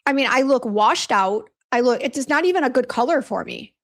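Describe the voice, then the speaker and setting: Brisk and expressive, with a voice that sits high, a beauty brand owner chats on her livestream. She complains about a bad hair appointment, welcomes viewers by name, reads their comments, and keeps restarting and using fillers.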